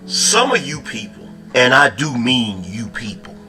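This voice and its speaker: A man's voice: mid-range voice, big pitch swings, unhurried, over music. A man in a played clip, scolding and speaking straight to his audience in an emphatic way. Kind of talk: emphatic address to viewers.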